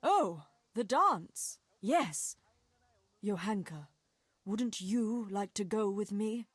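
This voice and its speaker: A woman's voice: medium pitch, animated, slow pace, dry recording, voice pushed down. A woman mimicking a bashful young village suitor. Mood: mock-romantic. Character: shy young village man, clumsy suitor.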